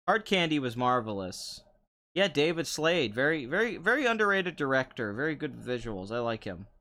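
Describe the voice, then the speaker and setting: A man's voice: medium pitch, very animated, moderate pace, bright, forceful tone. A young man hosting a casual chat show, answering viewer comments in a sarcastic, rambling way and laughing often. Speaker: podcast host.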